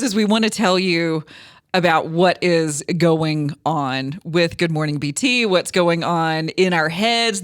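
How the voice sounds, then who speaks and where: A woman's voice: on the low side, no room sound, clean studio sound. A woman in her forties co-hosting a casual radio podcast, telling stories with frequent laughter. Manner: giggly, rambling storyteller. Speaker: radio co-host.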